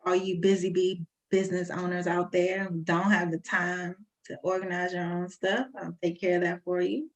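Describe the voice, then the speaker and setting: A woman's voice: lowish voice, little pitch movement, moderate pace. A woman who runs a bookkeeping business, a podcast guest, talking in a friendly, casual way with fillers.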